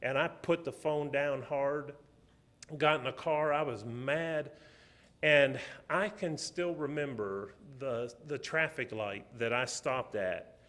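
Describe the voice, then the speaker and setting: A middle-aged man preaches a sermon in a slow, medium-pitched voice, telling stories and swinging between loud, emphatic passages and quiet, soft ones.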